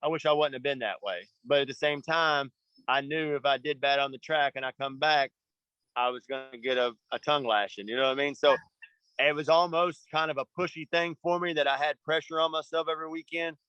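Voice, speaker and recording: A man's voice: on the high side, fairly even intonation, a little fast, sharp tone, smooth, no echo, muffled recording. A man coaching young motocross riders, talking in an earnest, rambling way and often asking "you know what I mean.". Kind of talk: casual coaching talk.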